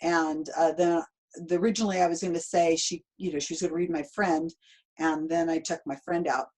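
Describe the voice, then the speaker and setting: A woman's voice: sits low, fairly even intonation, fairly quick, a little mellow. A woman with a light Southern accent hosts a live video stream. She talks casually and hesitantly, with frequent fillers and easy laughter. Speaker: host. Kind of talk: livestream talk. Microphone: video call.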